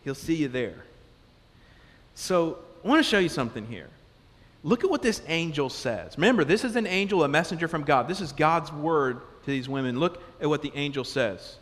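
A man preaching a sermon as pastor, conversational and animated, asking the congregation question after question. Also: on the high side, normal speed. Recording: long reverb of a large hall.

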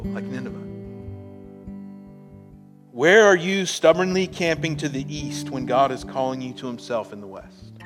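A man preaching a sermon as a pastor, slow and emphatic, swelling in volume on key points. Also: mid-range voice, big-room sound.

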